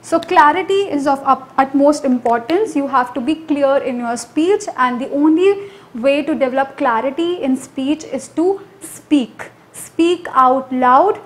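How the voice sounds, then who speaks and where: A young woman tutor with an Indian English accent teaches an online lesson in a high voice. She stresses key words with energy and builds in pitches for her course. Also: a little slow. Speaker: IELTS tutor.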